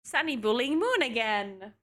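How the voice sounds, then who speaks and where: A young adult woman streams casually, chatting with viewers, laughing often and cooing softly at her cats. Her voice is fairly high and sing-song, at a moderate pace.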